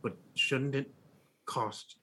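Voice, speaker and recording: A man's voice: mid-range voice, steady tone, takes it slowly, pushed and bright, a little hiss or hum. A man playing a tabletop role-playing game in character, talking casually and making wry, joking asides.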